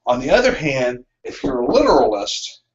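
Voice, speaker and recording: A man co-hosting a casual discussion podcast, talking in a rambling, animated way with frequent ums. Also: medium pitch, moderate pace. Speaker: podcast co-host. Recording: dull lo-fi sound.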